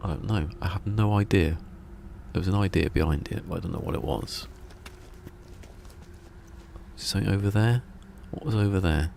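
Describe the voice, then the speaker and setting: English man, game streamer, deep voice, rambling casual chat, restarts sentences. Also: a little fast, vocal fry, a little mellow, a little hiss or hum. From England.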